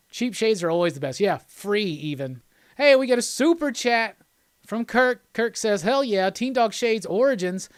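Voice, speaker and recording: A man's voice: high-pitched, lively intonation, normal speed, pauses often, no echo. A man hosting a live stream, chatting casually in a loose, rambling, jokey way and reading out viewer comments.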